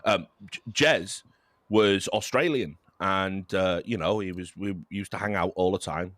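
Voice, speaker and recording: A man's voice: sits low, a little slow, fairly bright tone. A man, casually commentating a game and telling rambling, self-mocking stories. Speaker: esports caster.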